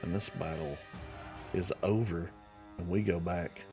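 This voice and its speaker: A man's voice: low-pitched, steady tone, unhurried, darkish tone, soft background music. A man narrating combat and scenes as game master of a tabletop game.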